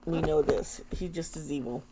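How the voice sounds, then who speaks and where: A woman's voice: deep voice, moderate pace, noisy background. A woman doing an intuitive tarot reading for her vlog, earnest and emotional, often trailing off mid-sentence. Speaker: tarot reader.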